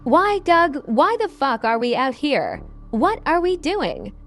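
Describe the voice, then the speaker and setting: A woman's voice: high-pitched, huge pitch swings, takes it slowly, a bit bright, soft background music, heavily acted. A woman voicing a young male soldier who speaks in blunt, raw outbursts. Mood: angry.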